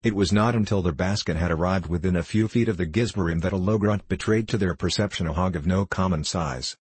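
A man reading classic fiction aloud as an audiobook, in a measured, formal storytelling manner. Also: low-pitched, slightly rough, no echo. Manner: measured, formal storytelling with archaic dialogue read in the same voice. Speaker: audiobook reader. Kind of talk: scripted narration of classic fiction.

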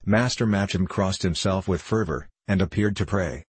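Low, husky male audiobook narrator. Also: expressive, normal speed, hardly any pauses, no room sound. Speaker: audiobook reader. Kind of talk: scripted narration of a classic novel.

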